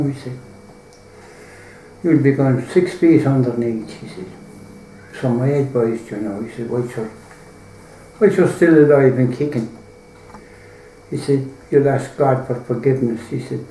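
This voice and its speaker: A man's voice: medium pitch, dark tone, reverberant, a little hiss or hum, poor audio. An Irish man telling a folk tale in a rambling, colloquial way, full of swearing. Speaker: storyteller.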